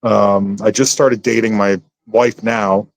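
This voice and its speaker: A man being interviewed about his acting career, telling lively anecdotes and acting out other people's voices. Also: fairly low pitch, slow, gravelly, rough recording. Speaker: actor guest. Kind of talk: casual interview storytelling.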